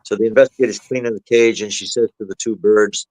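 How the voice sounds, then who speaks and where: A man's voice: fairly low pitch, fast talker, no echo, low-quality recording. A man, a demonologist guest, telling his story in a podcast interview and acting out the voices he quotes. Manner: animated, acts out the voices he quotes.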